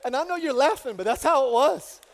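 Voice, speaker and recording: Man, pastor, middle-aged, high voice, comic sermon storytelling, long hall reverb. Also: fairly quick. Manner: animated, comic, with rising call-outs to the congregation. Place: church sanctuary.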